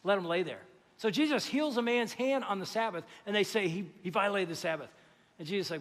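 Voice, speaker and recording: A male pastor delivering a lively, joking sermon in a church, asking the congregation questions. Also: high voice, a little fast, big-room sound. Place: church sanctuary.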